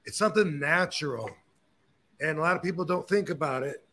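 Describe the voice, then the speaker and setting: A man hosting a podcast, telling stories and opinions in a casual, animated way, with frequent swearing. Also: on the high side, fairly quick, slight background noise. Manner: animated, profane storyteller. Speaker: podcast host. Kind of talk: casual chat.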